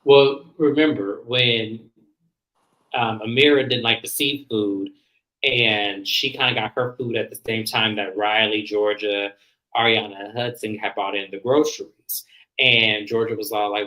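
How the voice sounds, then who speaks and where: A man casually recapping a reality TV episode, animated and profane, acting out the cast's lines. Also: fairly low pitch, unhurried, poor audio. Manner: animated, profane, laughs, acts out cast lines. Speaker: podcast co-host.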